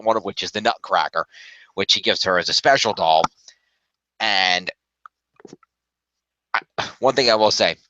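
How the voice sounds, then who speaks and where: A man's voice: fairly low pitch, sharp tone, no echo, muffled recording. A man chatting casually as a film reviewer, rambling and correcting himself as he goes. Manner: rambling, self-correcting, upbeat.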